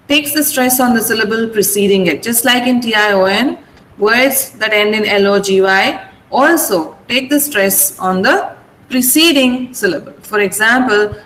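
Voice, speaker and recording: A woman teaching English pronunciation in an online class, sounding out words slowly syllable by syllable in a firm, instructive manner. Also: fairly high pitch, a bit bright, slight background noise, low-quality recording. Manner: slow deliberate syllable-by-syllable pronunciation. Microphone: video call.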